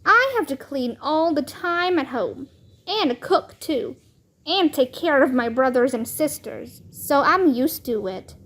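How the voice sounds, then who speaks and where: A woman's voice: high-pitched, animated, slow pace, fairly bright tone, full character voice. Woman reading a bossy know-it-all girl. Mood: superior.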